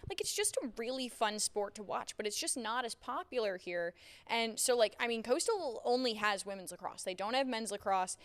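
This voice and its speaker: A woman's voice: fairly high pitch, animated, normal speed. A young woman with a Central New York accent, co-hosting a casual sports podcast as a local sports reporter, talking with lots of "like" and "I mean.". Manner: chatty, frequent "like" and "I mean". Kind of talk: casual chat.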